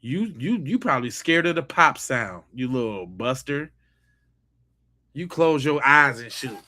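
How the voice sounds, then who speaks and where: A man's voice: medium pitch, animated, unhurried, bright, forceful tone. Sex: man. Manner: heated, mocking. Style: live-stream commentary. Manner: heated, mocking, talks straight at the chat. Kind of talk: casual live-stream commentary reading chat.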